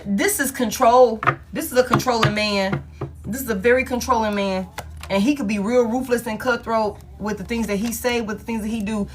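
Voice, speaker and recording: A woman with a slightly high voice gives a live tarot reading. She talks casually and with emphasis, and she swears freely. She drives each point home by saying it again and again. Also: steady tone, normal speed, noisy background. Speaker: tarot reader.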